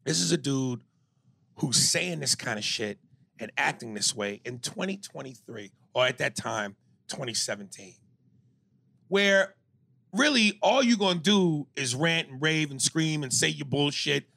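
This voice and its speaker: A man talks through a podcast discussion in a gravelly, slightly husky voice that sits a little high for a man. He tells his story with energy and acts out what others said. The sound is dry and close to the mic. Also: measured pace. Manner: animated storyteller, acts out quotes loudly. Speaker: podcast co-host.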